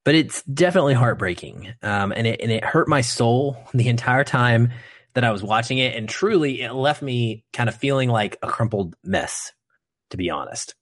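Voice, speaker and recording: A man's voice: mid-range voice, expressive, moderate pace, no room sound. A man co-hosting a podcast, giving an earnest, emphatic film review in casual chat. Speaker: podcast co-host.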